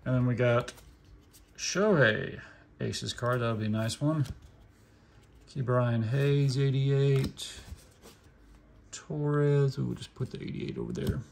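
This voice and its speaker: Slow, gravelly man with an Okie-Hoosier accent. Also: mid-range voice, darkish tone, slight background noise. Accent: Oklahoma and Indiana mix. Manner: reads names aloud one by one with short remarks. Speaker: card collecting channel host. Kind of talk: casual pack-opening commentary.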